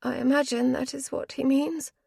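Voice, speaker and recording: A woman voicing a direct, anxious gentlewoman who speaks in a raised, urgent tone. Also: high voice, little pitch movement, moderate pace, vocal fry, breathy edge, no echo, clean studio sound, voice pushed up, heavily acted.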